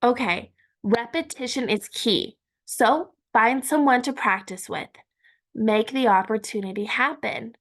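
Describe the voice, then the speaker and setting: Woman Spanish teacher, slow careful delivery, fairly high voice, repeats words for learners. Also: fairly bright tone. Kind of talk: language lesson.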